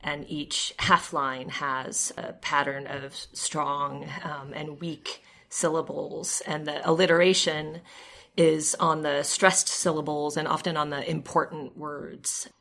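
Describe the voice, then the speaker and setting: Low-voiced woman explaining medieval poetry. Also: little pitch movement, fairly bright tone. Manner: careful, explanatory, measured. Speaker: guest professor of medieval literature. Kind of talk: academic discussion.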